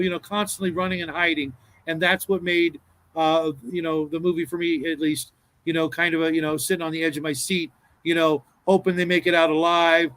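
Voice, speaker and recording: A man's voice: high-pitched, fairly bright tone, rough recording. A man in casual chat about tabletop games, rambling and restarting his sentences often. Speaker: podcast panelist.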